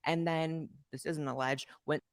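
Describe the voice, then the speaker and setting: A narrator reading a scripted commentary video in a brisk, sardonic manner. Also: mid-range voice, steady tone.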